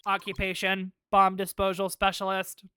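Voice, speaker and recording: A woman doing a flat robotic male bomb expert. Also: medium pitch, normal speed, slight background noise, natural voice. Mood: stiff. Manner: flat, clipped, robotic delivery.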